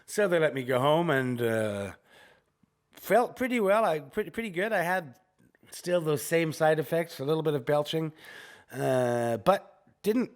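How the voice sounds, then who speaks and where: A man co-hosting a podcast in casual chat, telling animated, joking stories while recovering from chemotherapy. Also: fairly high pitch, unhurried. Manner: animated storytelling, jokey. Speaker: podcast co-host.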